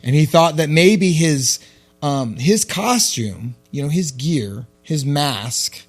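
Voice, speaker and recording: Profane animated New man. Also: fairly high pitch, takes it slowly, soft background music. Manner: profane, animated storyteller who shouts when quoting himself. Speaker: podcast co-host. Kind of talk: casual storytelling chat.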